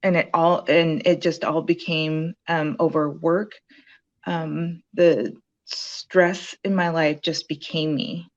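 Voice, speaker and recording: A woman with a low voice recounts her experience in a relaxed interview. She rambles with many "um"s and restarts. The sound is dull and lo-fi, like a call. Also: slow. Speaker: program graduate sharing her story. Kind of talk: casual interview testimonial.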